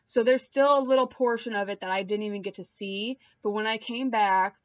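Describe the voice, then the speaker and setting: A young woman recapping reality-show drama in a casual, animated way, mimicking people in high voices and swearing offhand; she is pregnant and queasy. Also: brisk, no echo. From Puerto Rican and Cuban heritage. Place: hot room at home. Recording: dull, dry home recording.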